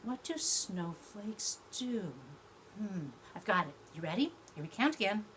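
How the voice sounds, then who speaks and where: A woman teacher reading a storybook aloud to young children, gently chatty and asking them questions as she goes. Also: medium pitch, very animated, a little slow, slight background noise.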